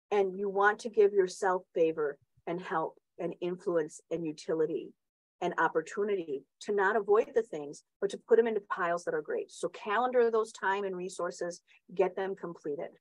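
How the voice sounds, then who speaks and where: A woman's voice: mid-range voice, a little mellow, no room sound, poor audio. Middle-aged woman giving a motivational talk, rambly and chatty, keeps asking right?, very dry close mic. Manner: chatty, many restarts and tag questions. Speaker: host.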